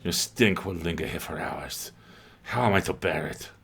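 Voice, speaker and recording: A man's voice: low-pitched, moderate pace, a bit bright, slightly rough, exaggerated voice. A man voicing a haughty, contemptuous female house cat with a mock-French manner.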